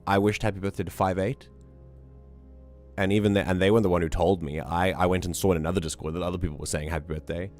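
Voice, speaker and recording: A hoarse man who is losing his voice, hosting a casual livestream and teasing his chat in a playful, talkative way. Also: low-pitched, steady tone, quick pace, darkish tone, faint music behind. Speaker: livestream host.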